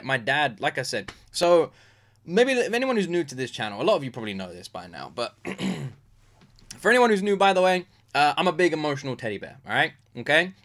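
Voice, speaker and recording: A British man in his thirties chatting casually as a music reaction host, openly emotional and excitable, full of fillers. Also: on the high side. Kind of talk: casual chat.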